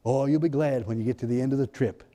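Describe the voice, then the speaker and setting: A male pastor preaching a fervent sermon, swinging between loud exclamations and hushed, intimate lines. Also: mid-range voice, quick pace. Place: church sanctuary. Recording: long hall reverb in a church.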